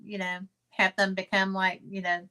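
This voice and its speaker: A woman's voice: mid-range voice, monotone, normal speed, sharp tone, slight background noise. A woman hosting an interview show, chatting casually with her guest and reacting to his stories. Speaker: host.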